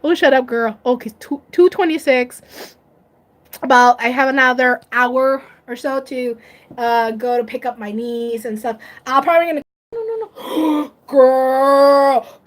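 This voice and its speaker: A woman's voice: high-pitched, unhurried. A woman vlogger chatting casually on a live stream, emotional and tearful, gushing and laughing often.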